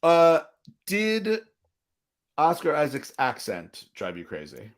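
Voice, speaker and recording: A man hosting a podcast in casual conversation, talking in an animated way with many restarts. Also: fairly high pitch, takes it slowly. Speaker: podcast host. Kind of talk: casual chat.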